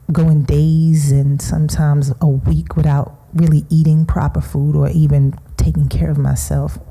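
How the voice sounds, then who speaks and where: A middle-aged woman giving a personal testimony at a seminar, speaking slowly and haltingly, often sinking into a hushed whisper as she grieves. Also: low voice, gravelly. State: grieving, emotional.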